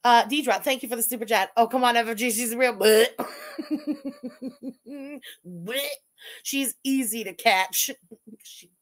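A woman's voice: a little high, normal speed. A woman hosting a livestream, reading chat messages aloud and mocking people with lots of swearing. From Quebec. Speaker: livestream host. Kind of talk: casual livestream commentary.

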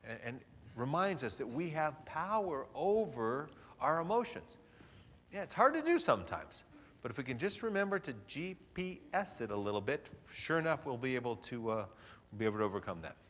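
Animated male seminar speaker. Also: mid-range voice, moderate pace. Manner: animated, playful, theatrical. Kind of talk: motivational seminar talk. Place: large hotel hall. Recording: reverberant hall.

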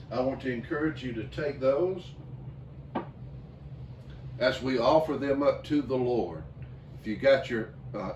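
A male pastor leading a communion service, talking slowly with many fillers and restarts. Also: medium pitch, darkish tone, slight background noise. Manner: slow, halting, with many fillers. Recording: echoey room, mic at a distance.

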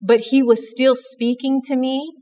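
A woman's voice: high voice, flat delivery, a little slow, warm tone, long reverb tail. A woman giving an earnest, conversational devotional talk at church, with frequent restarts. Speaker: church speaker.

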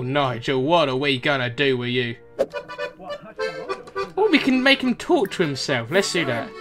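A young man gives chatty game commentary, mocking his character with a voice that swings wide and leaps up in pitch when something surprises him. Game music plays underneath him throughout. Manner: chatty, teasing, prone to sudden excited pitch jumps. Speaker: gaming channel host.

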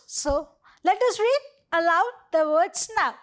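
A woman's voice: very high-pitched, expressive, slow pace. A woman with an Indian English accent teaching an online phonics lesson to young children, spelling words out letter by letter. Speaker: primary school teacher.

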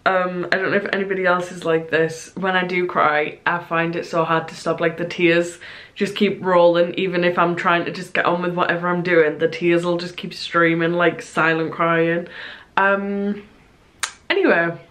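A woman's voice: fairly low pitch, little pitch movement, moderate pace. Chatty young woman vlogging her craft. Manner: chatty and self-conscious, soft and tearful at times. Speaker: small business artist, vlogger. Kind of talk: casual narrated vlog while crafting.

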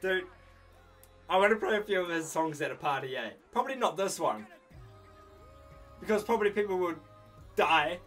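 A man with a New Zealand accent gushes through an excitable reaction, voice pitched high and sharp in tone, coughing now and then from a cold. His pitch leaps all over, and music plays faintly behind him. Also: normal speed, long pauses. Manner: excitable, gushing, laughing and shouting often. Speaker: YouTuber reacting to an album. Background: music playing faintly.

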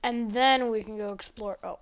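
High-voiced excitable woman gaming commentator. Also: normal speed, smooth, highs cut off. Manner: excitable, chatty, breaks into shouts and apologies. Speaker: gaming channel host. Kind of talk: casual gameplay commentary.

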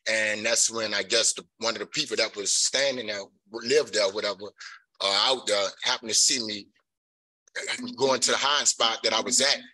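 A man's voice: mid-range voice, bright, forceful tone, low-quality recording. A middle-aged man gives rambling, earnest testimony at a parole hearing, filling his account with "you know.". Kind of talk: pleading testimony.

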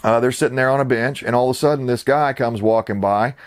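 Brief: male host, rambling sarcastic rant, mid-pitched voice. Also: quick pace, clear, resonant tone. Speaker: channel host. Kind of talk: ranting commentary.

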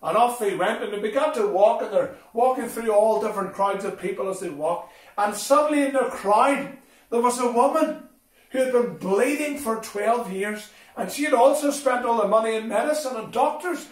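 A man telling a Bible story to children at a school assembly, animated and expressive as he talks to them directly. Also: high-pitched, normal speed. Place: school hall. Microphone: distant from the recording mic. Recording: echoey hall from far off.

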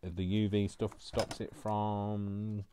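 A man's voice: on the low side, little pitch movement, slow, warm tone, a little hiss or hum. A man talking casually while he crafts, rambling and teasing himself along the way. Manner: rambling, self-mocking asides. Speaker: craft vlogger.

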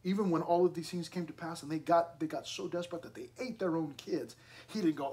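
A male pastor, preaching a sermon in a conversational, animated way with asides to the congregation. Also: a little high, brisk.

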